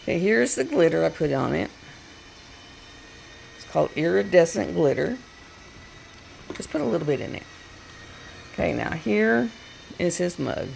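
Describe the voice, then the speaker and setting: A woman's voice: on the low side, sing-song, normal speed, gravelly, long pauses, a little mellow, a little hiss or hum. A woman, a crafting vlogger chatting casually and retelling a story with quoted voices at her home workstation.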